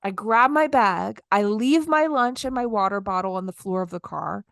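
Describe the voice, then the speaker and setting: A woman in her thirties tells a story in easy, conversational chat, acting out what she said in little quoted bits. Her voice is smooth and clear, at a middle pitch, recorded close and dry with no room sound. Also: normal speed, no echo. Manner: animated, acts out her own lines in quotes. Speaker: podcast co-host.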